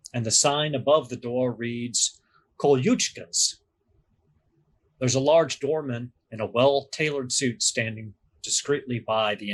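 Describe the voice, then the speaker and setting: A man narrating a tabletop game as game master, describing scenes in a measured storytelling manner. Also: mid-range voice, a bit bright.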